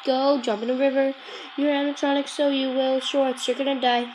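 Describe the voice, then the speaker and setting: A woman's voice: high-pitched, flat delivery, a little fast, darkish tone, a little hiss or hum, low-quality recording. A woman commenting on a game as she plays, chatting, humming and jokingly insulting the characters. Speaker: gameplay commentator. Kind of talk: let's-play commentary.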